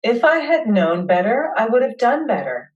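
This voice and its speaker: A woman hosting a webinar, leading listeners through a guided tapping session with slow, soothing affirmations. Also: a little high, very animated, a little mellow, far from the mic, lo-fi sound.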